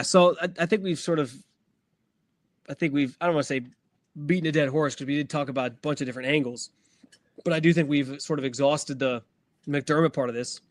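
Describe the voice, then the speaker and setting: A man's voice: fairly high pitch, a bit bright, dry recording. A man co-hosting a sports podcast, chatting casually and rambling through fillers and restarts. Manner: rambling, filler-heavy, self-correcting. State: has the hiccups. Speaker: podcast co-host.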